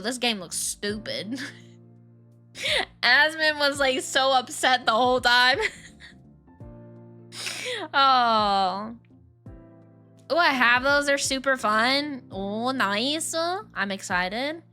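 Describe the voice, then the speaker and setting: A young woman streams a game and chats casually, ranting with slang and laughter while faint music plays behind her. Her voice is fairly high with a sharp tone.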